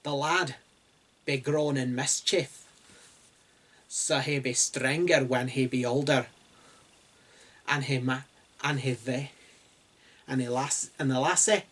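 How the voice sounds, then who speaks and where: A man's voice: mid-range voice, fairly bright tone. A man doing a rustic country storyteller. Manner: mock archaic country dialect, singsong storytelling. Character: rustic old-time male country storyteller.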